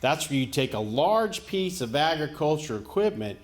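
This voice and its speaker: A middle-aged man from the rural United States doing a stand-up comedy set, telling folksy, deadpan stories and chuckling at his own punchlines. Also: on the high side, normal speed. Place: comedy venue stage before a live audience. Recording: echoey live venue with loud audience laughter.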